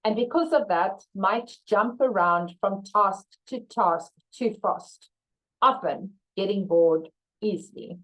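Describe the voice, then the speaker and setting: A woman's voice: mid-range voice, slow, poor audio. A woman teaching a live online leadership masterclass, reading out viewers' chat replies and acting out short workplace role-plays. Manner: lively, acts out staff replies in role-play. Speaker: leadership trainer.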